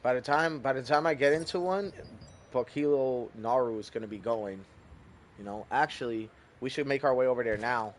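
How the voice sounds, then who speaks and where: Young male gamer, mid pitch, casual thinking-aloud commentary, faint room noise behind. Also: normal speed. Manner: relaxed, chatty, thinks aloud, swears casually. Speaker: gaming YouTuber.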